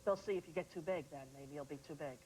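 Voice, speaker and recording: A woman's voice: deep voice, fast, a little mellow, a little hiss or hum, low-quality recording. A woman hosting a TV talk show interview in a studio, chatty and playfully teasing.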